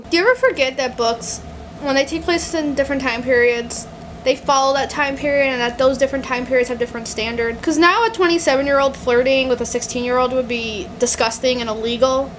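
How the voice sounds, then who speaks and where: A woman's voice: high-pitched, a little fast. A young woman chatting casually in a reading vlog at home, candid and exasperated, swearing freely. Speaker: book vlogger. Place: home, indoors. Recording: faint room noise from the air conditioner. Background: faint air conditioner hum.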